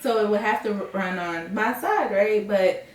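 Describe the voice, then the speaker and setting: A woman's voice: medium pitch, moderate pace. A woman chatting casually in a vlog, laughing along as she talks. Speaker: vlogger, mother of twins. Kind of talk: casual chat. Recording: echoey room, mic at a distance.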